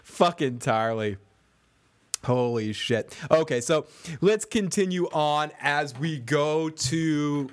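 Guy recapping a show on a podcast, swears a lot, laughs a lot, bit higher voice. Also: takes it slowly, clean tone. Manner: profane, laughing, reads listener comments aloud. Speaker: podcast co-host. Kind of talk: casual recap chat.

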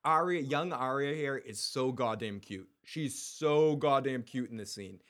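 Man, podcast co-host, excitable, curses a lot, restarts his sentences, mid-pitched voice. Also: unhurried. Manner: excitable, swears freely, stumbles and restarts. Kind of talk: casual recap chat.

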